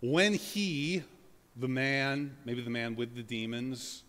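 Preaching in a casual way full of "like" and "you know," this pastor breaks into dramatic scripture passages now and then. His mid-range voice is animated yet slow, a bit bright, trailed by long reverb.

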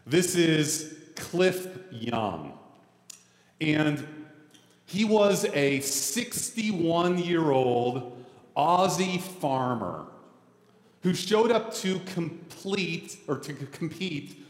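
A man's voice: on the high side, big pitch swings, drawn-out words. A man in his forties, a pastor preaching a sermon in a casual, joking, self-deprecating way. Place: church sanctuary. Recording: roomy hall reverb.

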